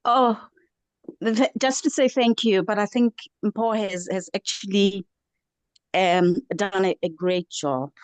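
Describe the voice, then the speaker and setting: Casting: older woman, mid-pitched, dry sound, gushing with gratitude. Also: measured pace, darkish tone, dry recording. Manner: effusive, thankful, repeats herself. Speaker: book club member. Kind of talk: online book club chat.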